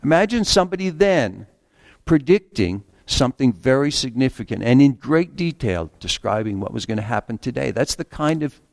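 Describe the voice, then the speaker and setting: A man preaching a sermon in an earnest way, slowing down to read scripture aloud and stumbling over the odd restart. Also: mid-range voice, big pitch swings, vocal fry, no room sound, studio quality.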